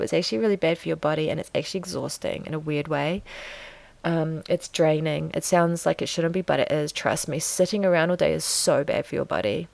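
A woman's voice: lowish voice, creaky, darkish tone, dry recording. Tired, rambling woman vlogging. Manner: rambling, self-deprecating, acts out conversations. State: tired, burnt out. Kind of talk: casual vlog monologue.

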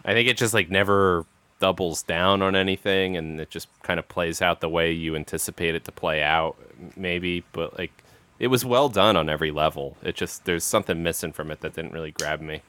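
Low voiced guy rambling about stuff, dry close sound. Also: fairly quick, pushed and bright, dry recording. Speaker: podcast co-host. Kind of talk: casual chat.

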